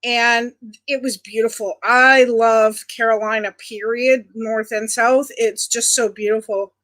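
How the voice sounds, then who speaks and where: A woman's voice: a little high, fairly even intonation, measured pace, a bit bright. A middle-aged woman from Ontario, Canada, hosting a livestream and chatting casually with viewers, greeting them by nickname. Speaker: livestream host. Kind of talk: casual chat with live viewers.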